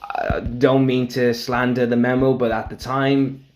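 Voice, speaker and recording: A man's voice: mid-range voice, flat delivery, unhurried, dull audio. A man co-hosting a podcast, telling a backstage story in casual chat, acting out the quotes and laughing often. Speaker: podcast co-host.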